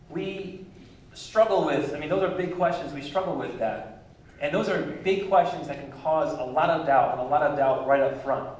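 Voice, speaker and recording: Male pastor preaching, chill chatty tone, kinda high voice, lots of church echo, mic far off. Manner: conversational, light chuckles between points. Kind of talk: sermon. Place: church sanctuary.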